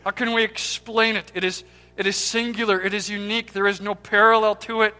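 A man preaching a sermon with impassioned swings between loud cries and hushed, near-whispered words, repeating key words for emphasis. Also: sits high, little pitch movement, fairly quick. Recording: long hall reverb with faint music.

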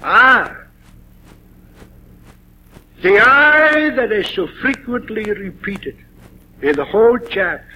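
Slow, bright-voiced male preacher. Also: high-pitched, expressive, poor audio. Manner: deliberate, stresses single words, frequent "uh" fillers. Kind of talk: sermon.

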